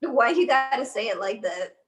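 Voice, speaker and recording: A woman's voice: fairly high pitch, expressive, moderate pace, rough recording. A woman, co-hosting a casual review show and giving her opinions in a gossipy, chatty way. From Louisiana. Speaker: co-host.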